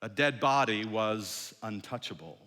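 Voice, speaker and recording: A man, a pastor, preaching a sermon in a conversational storytelling way that often drops soft and low. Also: expressive, a little slow. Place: large church hall. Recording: long hall reverb.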